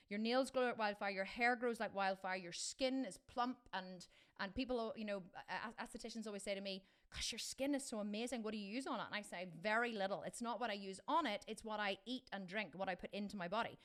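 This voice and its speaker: A woman's voice: mid-range voice, smooth. A middle-aged woman coaching fitness in a casual live Q&A, chatty and enthusiastic, with many restarts.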